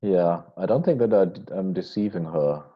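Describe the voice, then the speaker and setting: A man's voice: low voice, lively intonation, husky, dull audio. A man playing in a tabletop role-play game, chatting casually and hesitantly. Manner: hesitant and unhurried. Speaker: player.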